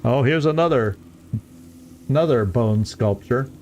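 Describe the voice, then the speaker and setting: Slow-talking man playing a game. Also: mid-range voice, darkish tone, a little hiss or hum. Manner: chatty, rambling, chuckles often. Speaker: let's play host. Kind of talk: casual gameplay commentary.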